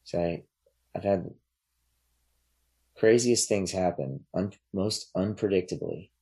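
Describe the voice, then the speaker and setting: A man talking as a podcast guest in casual chat, relaxed and rambling, with many fillers and restarts. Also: low-pitched, slow pace, gravelly, slightly rough.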